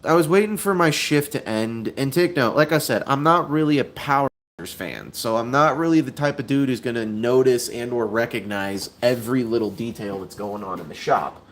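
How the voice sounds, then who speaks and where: A man's voice: mid-range voice, fairly quick, few pauses. A man telling a long story while unboxing a toy, rambling, repeating himself and using lots of fillers.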